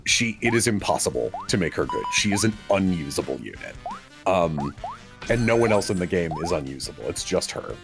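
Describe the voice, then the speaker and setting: Man, casual stream chat, animated storytelling, quick laughs, faint music underneath. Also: deep voice. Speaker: livestream co-host.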